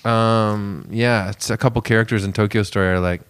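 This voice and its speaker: A man's voice: lowish voice, fairly even intonation, fairly quick, fairly bright tone, clean tone. A man co-hosting a podcast who works as a stand-up comedian, talking in a loose, rambling, joking way and laughing often. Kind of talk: casual podcast chat.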